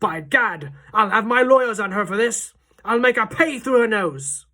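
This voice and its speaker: A woman voicing a blustering, angry middle-aged English father who shouts and stammers. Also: lively intonation, normal speed. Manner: shouting, stammering, high-pitched outbursts.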